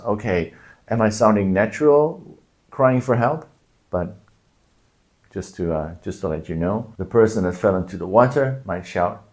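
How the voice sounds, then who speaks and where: Relaxed man teaching phrases, lowish voice. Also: normal speed. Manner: explains patiently, acts out shouted examples. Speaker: language teacher. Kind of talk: casual video lesson.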